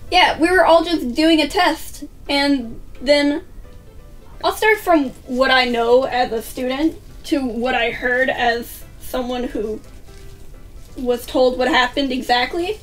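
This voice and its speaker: A high-pitched woman rattles through a casual storytime vlog, swearing freely and acting out what people said. She sits a little back from the mic, and faint music plays underneath. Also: takes it slowly, far from the mic. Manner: chatty, swears casually, acts out quotes. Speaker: vlogger.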